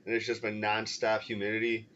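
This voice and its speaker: A man's voice: on the low side, monotone, brisk, a bit bright, muffled recording, slight background noise. A man from the US Midwest with a Chicago-area accent, nasal and getting over a cold, hosting a loose, profane casual chat. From Illinois, US Midwest. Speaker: podcast host.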